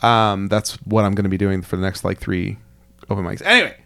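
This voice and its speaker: A man's voice: fairly low pitch, steady tone, fairly quick, vocal fry, sharp tone. A young man co-hosting a podcast in casual chat, drunk, rambling with lots of fillers, restarts and laughter. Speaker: podcast co-host.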